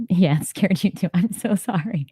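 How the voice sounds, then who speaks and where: A woman's voice: medium pitch, a little slow, dark tone, husky, no echo, clean studio sound. A woman hosting a casual live reading stream, chatting to viewers and laughing often. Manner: chatty, reads chat comments aloud, laughs often. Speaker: livestream host.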